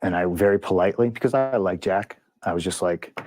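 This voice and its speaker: A man's voice: deep voice, a little fast, a little mellow, no echo. A man being interviewed, retelling a backstage clash in a blunt, profane, heated way. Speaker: interview guest. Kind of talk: casual storytelling in an interview.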